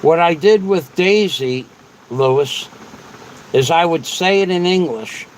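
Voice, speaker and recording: Slow-talking, rambling man on a livestream. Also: a little high, expressive, slight background noise, rough recording. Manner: rambling and repetitive. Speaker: livestream host. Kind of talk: casual livestream chat, answering viewers.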